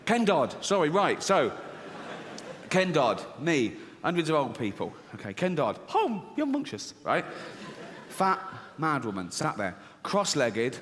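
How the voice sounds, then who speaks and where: Brash comedian in a live hall. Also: male voice, fairly high pitch, huge pitch swings, unhurried, fairly bright tone, a little hiss or hum. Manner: brash, swearing, acts out voices. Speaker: stand-up comedian. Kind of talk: stand-up comedy. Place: large theatre stage before an audience. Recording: live theatre with long reverb, faint crowd.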